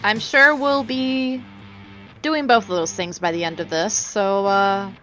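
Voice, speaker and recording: A woman's voice: medium pitch, fairly even intonation, unhurried, fairly bright tone, soft background music. A woman playing a tabletop role-playing game, speaking persuasively in character and chatting with the table. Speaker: player.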